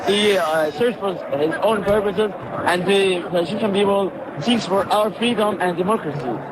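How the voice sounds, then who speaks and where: A man's voice: high-pitched, moderate pace. A man being interviewed as a protester, with plain, careful phrasing. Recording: crowd noise, heard from off-mic.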